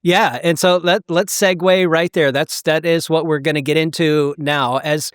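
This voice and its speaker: A middle-aged American man from the South and Midwest, hosting a casual podcast chat and talking in halting restarts with many fillers. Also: fairly high pitch, fairly even intonation, a bit bright, clear, resonant tone, no room sound, studio quality. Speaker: podcast host.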